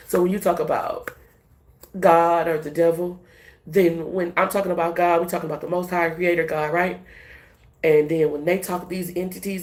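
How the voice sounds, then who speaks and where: A woman tarot reader in casual spiritual talk, swearing, laughing and emphatic. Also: on the low side. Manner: profane, animated, laughing, emphatic. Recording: echoey room with faint hiss.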